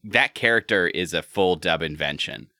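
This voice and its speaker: A male co-host with a lowish, bright, forceful voice that swings widely as he rants and swears. His sound is dry and close. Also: normal speed, dry recording. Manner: emphatic, swearing, animated. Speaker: podcast co-host. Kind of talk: casual chat.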